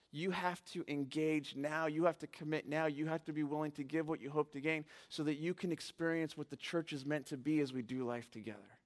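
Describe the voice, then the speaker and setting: Male pastor, sermon: earnest, animated storyteller who presses the congregation with direct questions, voice a touch higher than most men's. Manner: animated storytelling, rising to near shouting at emotional peaks. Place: church sanctuary.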